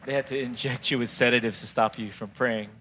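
A man's voice: medium pitch, fairly even intonation, a little fast, a bit bright, a little hiss or hum. A man, a pastor, interviewing a church member, affirming her and summing up what she says. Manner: affirming, sums up the guest's words.

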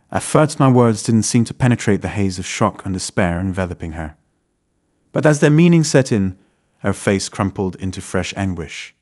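A man narrating a dramatic first-person story in a measured, scripted delivery. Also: fairly low pitch, expressive, darkish tone.

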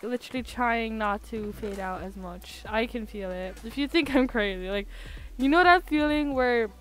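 A woman streaming a game from home, chatty and giggly, sounding tired with her voice going hoarse. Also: on the high side, fairly bright tone. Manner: chatty, giggly, self-mocking. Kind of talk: casual live gaming commentary.

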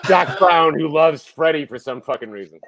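Animated man telling a story, lively pitch. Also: normal speed. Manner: animated storyteller, swears freely. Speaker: podcast co-host. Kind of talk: casual chat.

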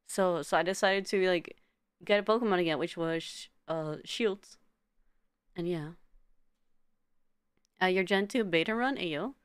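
Woman streamer, casual live chat, lowish voice, smooth and dry, giggly, stammering. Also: a little slow, long pauses, no echo. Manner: giggly, stammers and repeats words.

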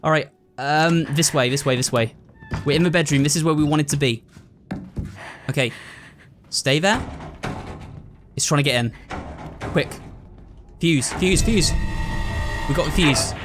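A man's voice: a little high, measured pace, pauses often, over music. A man commentating on a horror game, frightened and jumpy, talking to his viewers. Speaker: gamer.

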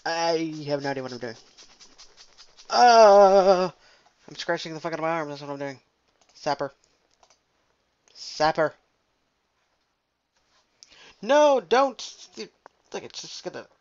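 A man's voice: fairly high pitch, unhurried, long pauses, clean tone, dull audio. A young man rambling casually and profanely while commenting on a game he is playing. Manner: rambling, profane, jokey, trails off. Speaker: gameplay commentator. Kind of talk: casual let's play commentary.

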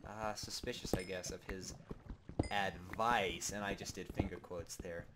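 A man giving goofy, rambling, mock-dramatic commentary while playing a video game, with sudden bursts of shouting. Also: deep voice, fairly even intonation, a little slow. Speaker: gaming video host. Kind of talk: comedic Let's Play commentary. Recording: noisy home recording with keyboard clicks.

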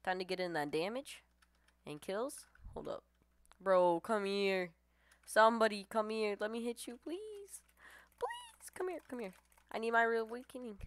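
A woman giving live gameplay commentary, excitable, swearing and trash-talking her opponents. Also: mid-range voice, moderate pace, clear, resonant tone. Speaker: gamer streamer.

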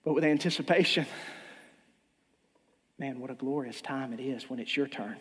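A man's voice: mid-range voice, moderate pace, breathy edge. A male pastor preaching a sermon, impassioned and emphatic, stumbling over repeated restarts, heard in a church with long reverb.

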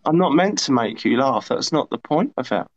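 Lively, teasing man, needling questions. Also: medium pitch, a little fast, lo-fi sound. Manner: teasing, needling, mock self-important. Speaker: livestream host. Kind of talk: provocative livestream chat.

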